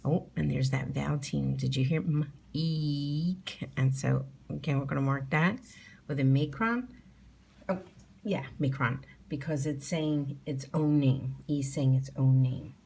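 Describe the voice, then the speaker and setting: A middle-aged woman teaches young children to spell from home, speaking slowly and patiently as she sounds out each letter. Her voice sits low with a gravelly edge. She repeats words and breaks them into sounds for little learners. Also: a little mellow.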